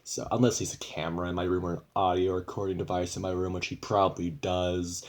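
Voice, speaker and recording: A man's voice: low-pitched, little pitch movement, fast, hardly any pauses, darkish tone. A young man vlogging in a rambling, profane, frustrated way about trouble at home. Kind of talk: casual venting vlog.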